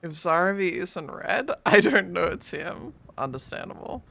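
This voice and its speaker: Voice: medium pitch, sing-song, moderate pace, vocal fry, pushed and bright, dry recording. A young adult streamer chatting playfully with viewers during a live stream, teasing and laughing a lot. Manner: playful, teasing, laughs often, sing-song swings. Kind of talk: casual live-stream chat.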